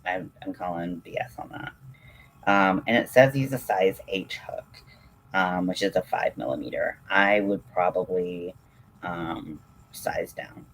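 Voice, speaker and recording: A man hosting a casual crafting livestream, reading chat and reacting with excitable gushing between lots of ums and restarts. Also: low-pitched, unhurried, a little hiss or hum.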